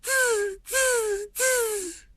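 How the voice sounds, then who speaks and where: Squeaky tutting monkeys. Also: male voice, steady tone, drawn-out words, sharp tone, no echo, full character voice. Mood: mocking. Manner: tiny squeaky tutting sounds. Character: chattering mischievous monkeys.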